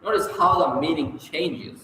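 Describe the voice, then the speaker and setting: A man's voice: a little high, unhurried, bright, forceful tone, a little hiss or hum. A man reading a public speaking textbook aloud, with occasional stumbles and self-corrections. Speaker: audiobook reader. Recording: echoey hall with long reverb.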